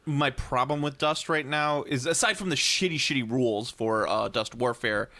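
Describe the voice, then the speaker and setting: A man's voice: medium pitch, moderate pace, bright, forceful tone. A man hosting a tabletop gaming podcast, rambling and cussing in casual banter. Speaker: podcast host.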